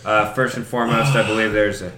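A man co-hosting a casual sports podcast, talking in animated, swearing bursts. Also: on the low side, fast, crowd noise. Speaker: podcast co-host. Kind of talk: casual sports chat over drinks. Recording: roomy echo with faint background noise.

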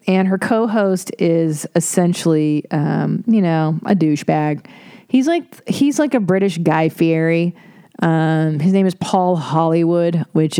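A woman's voice: fairly low pitch, clean tone, dry recording, clean studio sound. Profane, rambling woman podcast host. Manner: profane, rambling, animated with sarcastic asides. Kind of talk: casual monologue.

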